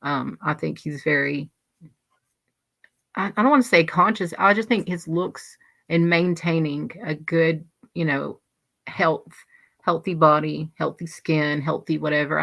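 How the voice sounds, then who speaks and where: Lady streamer rambling thru chat, low gravelly voice, dry close mic. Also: normal speed, a bit bright, dry recording. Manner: rambling, chatty, many restarts. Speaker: livestream host. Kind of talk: casual chat reading live comments.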